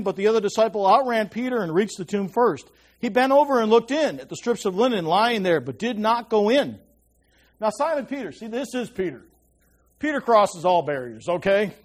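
A man preaching a conversational Bible teaching, often checking in with his listeners and dropping to a hushed voice to stress a point. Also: sits high, big pitch swings, unhurried, long pauses.

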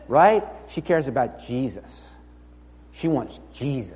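Male preacher, mid-pitched, conversational storytelling sermon, long hall reverb, dull lo-fi sound. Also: sing-song, takes it slowly. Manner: conversational storytelling, drops to near-murmur.

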